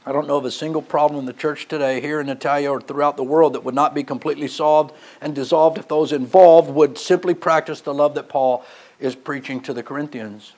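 Male preacher, pitch a touch above average, sermon delivery with emphatic swells and hushed drops. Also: steady tone, a little fast. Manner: storytelling, rising to emphatic passages then dropping quiet.

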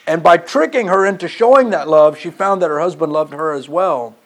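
Male preacher, pitch a touch above average, sermon delivery with emphatic swells and hushed drops. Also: fairly quick. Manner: storytelling, rising to emphatic passages then dropping quiet.

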